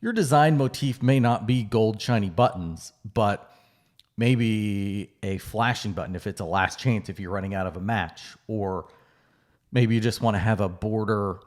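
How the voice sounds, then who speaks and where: A man's voice: lowish voice, normal speed, darkish tone. A man co-hosting a podcast in a casual, conversational way, with fillers and restarts. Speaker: podcast co-host.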